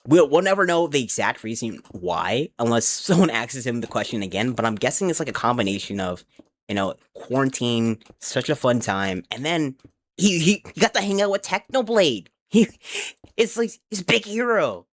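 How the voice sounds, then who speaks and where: A man's voice: mid-range voice, lively intonation, normal speed, no room sound. A young man streaming from home on a desk mic, rambling casually to his chat while he builds in a game. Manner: rambling and chatty, talks to chat, counts aloud under his breath. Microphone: desk mic with headphone monitoring.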